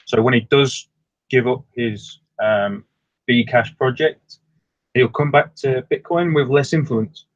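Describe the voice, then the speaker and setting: A man from England calling into a live show, speaking bluntly with hesitant pauses. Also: mid-range voice, no room sound. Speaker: caller. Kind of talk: call-in conversation. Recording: dull call-in line.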